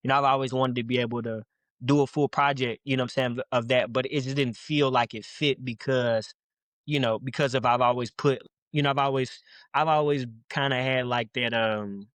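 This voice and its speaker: Young male rapper from Louisville, quick rambling slang, dry close sound, guest on a podcast. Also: medium pitch, fairly even intonation, a bit bright, no room sound. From Louisville, Kentucky, US. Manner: rambling, slangy, laid-back. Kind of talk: casual podcast interview.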